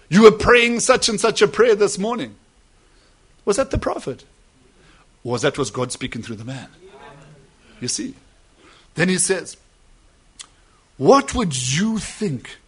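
A man preaching a sermon, dropping to soft asides and then rising to loud, drawn-out emphasis. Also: high voice, slightly rough.

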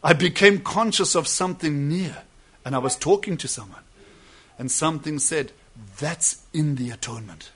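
A man preaching a sermon, dropping to soft asides and then rising to loud, drawn-out emphasis. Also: fairly high pitch.

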